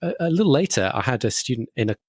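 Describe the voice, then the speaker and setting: A man's voice: medium pitch, big pitch swings, very fast, husky, dry recording. A man hosting a podcast, agreeable and stumbling on the first words of his questions. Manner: stammers on starts, agreeable. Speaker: podcast host. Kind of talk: conversational podcast interview.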